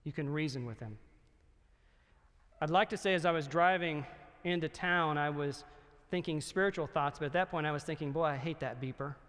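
A middle-aged male pastor telling a story in a sermon, earnest and growing hushed and solemn. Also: a little high, moderate pace. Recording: long reverb of a hall.

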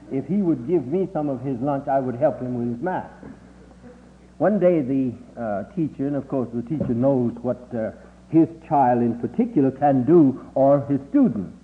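Older man reminiscing, tinny lo-fi recording. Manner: halting, with frequent 'uh' fillers; acts out quoted voices with rising pitch. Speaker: storyteller recalling his childhood. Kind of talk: oral history reminiscence. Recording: tinny lo-fi recording with faint hum.

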